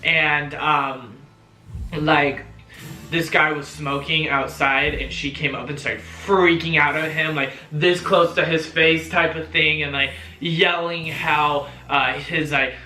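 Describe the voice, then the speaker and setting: A young man telling a story-time vlog in a chatty, animated way, full of fillers and swearing. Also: on the high side, takes it slowly. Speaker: vlogger. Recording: roomy echo, faint music.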